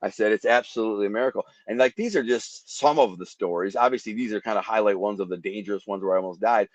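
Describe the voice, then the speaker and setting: A man's voice: lowish voice, quick pace, no room sound. Podcast guest, male, vivid storyteller who mimics gunfire; dry lo-fi sound. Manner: vivid, acts out gunshots with sound effects. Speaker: guest telling life stories. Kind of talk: animated storytelling.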